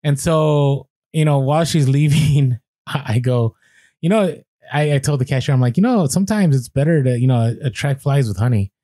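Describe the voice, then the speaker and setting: A man co-hosting a podcast, telling an animated story with quoted voices and many restarts. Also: medium pitch, normal speed, no echo. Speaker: podcast co-host.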